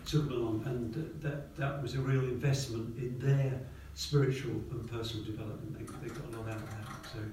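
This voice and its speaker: A man's voice: medium pitch, steady tone, brisk, few pauses, darkish tone. A man speaks to a church audience, hesitant and full of fillers as he explains. He sounds distant from the mic in a very reverberant hall, with faint room noise behind him.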